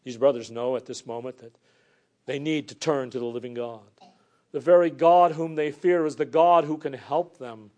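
Earnest preacher with hushed, soft drops. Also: male voice, mid-range voice, fairly even intonation, normal speed. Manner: earnest, swinging between emphatic declarations and hushed, soft passages. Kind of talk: sermon.

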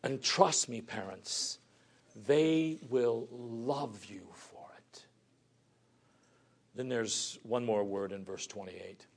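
A male pastor preaching a sermon earnestly, swinging from forceful emphasis down to hushed, near-whispered lines. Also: medium pitch, slow, vocal fry.

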